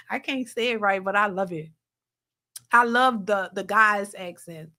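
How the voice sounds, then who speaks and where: A woman's voice: mid-range voice, normal speed, sharp tone. A woman hosting a live reaction stream, laughing often and reading viewer super chats aloud. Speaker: reaction channel host.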